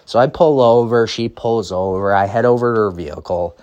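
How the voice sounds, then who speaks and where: A man's voice: on the low side, fairly quick, darkish tone, dull audio. Young man telling a rambling story. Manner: rambling, tags lines with "right?". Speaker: podcast host. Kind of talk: casual storytelling.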